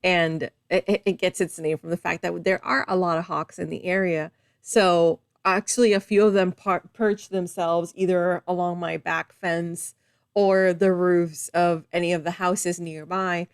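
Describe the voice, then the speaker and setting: Wry chatty woman, lowish voice. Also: steady tone, measured pace, smooth, no echo, studio quality. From Florida. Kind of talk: casual chat.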